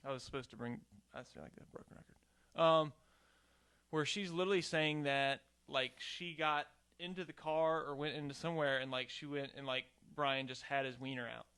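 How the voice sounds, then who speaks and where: A man's voice: a little high, fairly even intonation, normal speed, bright, forceful tone, clear, resonant tone. A man hosting a podcast from a home garage studio, talking in a loose, rambling way and swearing casually. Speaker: podcast host. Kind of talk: casual chat.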